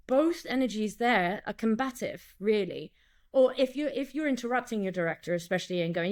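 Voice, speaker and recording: A woman director and acting coach in a casual interview, talking in an animated way, acting out lines and quotes, with many restarts. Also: a little high, brisk.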